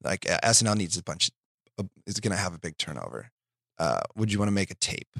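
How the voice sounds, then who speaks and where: A man's voice: low-pitched, big pitch swings, fast talker, creaky, a bit bright, breathy edge, dry recording, clean studio sound. A man in his thirties telling stories in a loose, profane, self-deprecating way as a guest on a chat show. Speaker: guest comedian. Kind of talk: casual storytelling chat.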